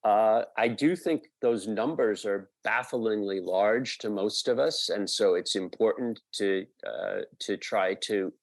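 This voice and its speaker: A man being interviewed as a guest, explaining a point at length with frequent pauses and fillers. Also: lowish voice, gravelly, no room sound. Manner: thoughtful, halting with many fillers. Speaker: podcast guest, media researcher.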